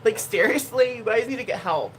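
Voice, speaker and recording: A woman YouTuber talking casually to her camera in an animated, expressive way, moving between quiet asides and loud bursts. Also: a little high, brisk, soft background music, poor audio.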